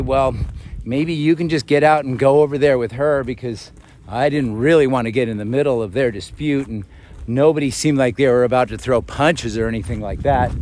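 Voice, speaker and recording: A man casually telling a rambling story to camera outdoors in a forest, chatty and quick to laugh. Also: medium pitch, a little mellow, slight background noise. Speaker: vlogger.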